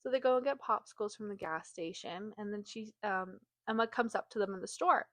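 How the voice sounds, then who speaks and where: A woman's voice: medium pitch, fairly quick, no echo. A woman co-hosting a book podcast, retelling a plot in a chatty way with lots of fillers. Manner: chatty, heavy use of "like", animated when acting out quotes. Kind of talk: casual chat, retelling a plot.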